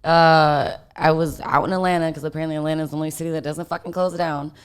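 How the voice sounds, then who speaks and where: A woman's voice: low-pitched, fairly even intonation, fast talker, clear, resonant tone. A woman guest telling a story in casual chat, rambling with lots of fillers and swearing.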